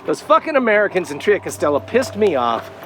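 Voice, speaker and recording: A man's voice: high-pitched, big pitch swings, a little fast, a bit bright, soft background music. A man vlogging on a phone as he walks a rural trail outdoors, frustrated, sarcastic and swearing often. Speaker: vlogger walking a pilgrimage trail. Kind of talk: vlog narration and walking selfie talk. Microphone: handheld phone.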